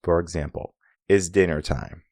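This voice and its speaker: A man's voice: sits low, moderate pace, dry recording, clean studio sound. A man coaching listeners on relationships in a solo talk. He makes his points with rhetorical questions and acts out bits of dialogue. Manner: acts out quoted dialogue in an animated way.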